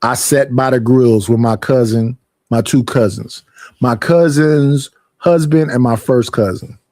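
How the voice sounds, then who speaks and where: A young man, streaming a casual, profane, animated rant about personal space and family gatherings. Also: mid-range voice, measured pace, no echo, clean studio sound.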